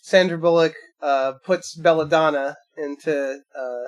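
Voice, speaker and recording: Co-host, man, high voice, easygoing recap with lots of pauses. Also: steady tone. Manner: laid-back, laughing, hesitant with fillers. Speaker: podcast co-host. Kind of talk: casual chat about a film.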